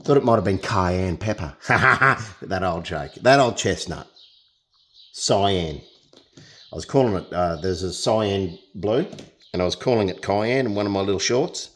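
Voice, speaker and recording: A man's voice: low-pitched, a little slow, fairly bright tone. A young Australian man chatting casually through a painting demonstration, joking as he works. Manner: chatty, jokey, talks while working. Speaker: painting tutor.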